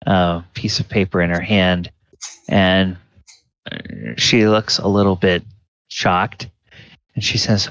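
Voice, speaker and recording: Low voiced dm narrating slow, lots of ums, dry dull lo-fi audio. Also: male voice, little pitch movement, fairly bright tone, no room sound. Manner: unhurried narration with fillers. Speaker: game master. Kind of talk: narrating a tabletop game.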